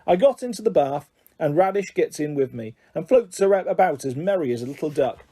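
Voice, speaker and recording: A man reads a children's novel aloud with a gentle, expressive storytelling manner. His voice sits high for a man, mellow and warm, with a soft, breathy huskiness throughout. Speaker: audiobook reader.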